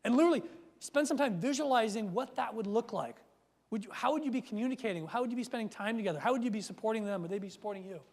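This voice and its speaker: A man coaching a live seminar audience, energetic, checking in with "right?" and acting out his stories loudly. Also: sits high, racing. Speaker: workshop speaker and coach. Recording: long hall reverb.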